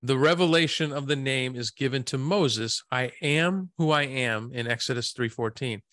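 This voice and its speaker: A man's voice: mid-range voice, normal speed, a bit bright, dry recording, studio quality. A man co-hosting a podcast, reading from his notes and asking prompting questions in a casual Bible discussion. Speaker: podcast co-host.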